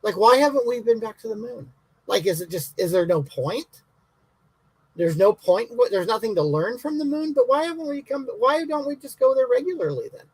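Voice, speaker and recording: A man playing a brash, husky old lady. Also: extremely high pitch, animated, normal speed, dry recording, heavily acted, poor audio. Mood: ranting. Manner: blunt, indignant, rambling rants. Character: brash bigoted elderly woman chatting live. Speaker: livestream host answering comments. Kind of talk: comic character livestream.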